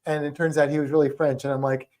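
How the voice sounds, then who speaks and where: A chatty man co-hosting a casual livestream, talking in a mellow, relaxed tone. He rambles playfully from one aside to the next and stumbles over tricky names. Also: fairly high pitch, fast. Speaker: podcast co-host.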